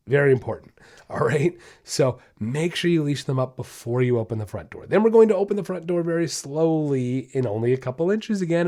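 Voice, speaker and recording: A man's voice: on the high side, a little mellow. A man hosting a dog-training podcast, explaining steps in a casual, upbeat way and often checking in with listeners. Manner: casual, upbeat, addresses listeners as guys, many okays and rights. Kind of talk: instructional podcast talk.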